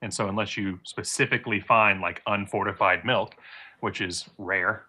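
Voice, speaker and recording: A man's voice: lowish voice, steady tone, normal speed, bright, forceful tone. A man co-hosting a livestream, chatting casually with sardonic jokes and mock rants. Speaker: livestream co-host. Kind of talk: casual chat.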